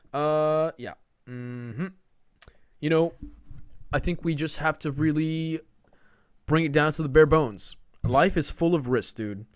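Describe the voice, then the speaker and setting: A man with a fairly high voice hosts a podcast, delivering a worked-up, slangy monologue he keeps dotting with "dude" and "man." It's a casual rant, recorded at studio quality without echo.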